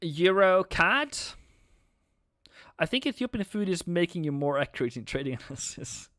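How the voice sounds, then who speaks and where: Slow, smooth-voiced man commentating a live stream. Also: mid-range voice, no room sound, clean studio sound. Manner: excitable, slangy, calls viewers mate and bro. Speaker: forex trading streamer.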